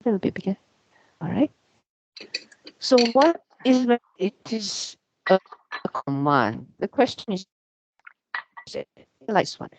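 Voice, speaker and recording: Woman teacher with a gravelly voice. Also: medium pitch, sing-song, measured pace, long pauses, darkish tone, a little hiss or hum. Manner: chatty, frequent "yeah" and "you know" fillers. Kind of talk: casual lecture on Arabic grammar. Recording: dull, muffled sound.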